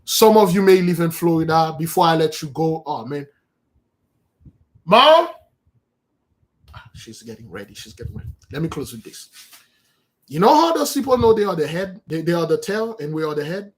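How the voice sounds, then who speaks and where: A man's voice: a little high, lively intonation, brisk, a little mellow. A man preaching on a live stream in an impassioned, emphatic way, often repeating and restarting his phrases. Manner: emphatic and repetitive, with many restarts. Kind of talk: impassioned livestream sermon.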